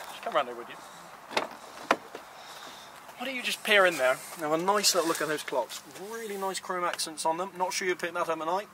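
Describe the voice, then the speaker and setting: Playful man showing off cars outdoors. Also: fairly high pitch. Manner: playful, emphatic, lively rises on praise. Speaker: car vlogger presenting cars. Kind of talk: casual enthusiastic car walkaround. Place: outdoors beside parked cars. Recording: outdoor street noise behind.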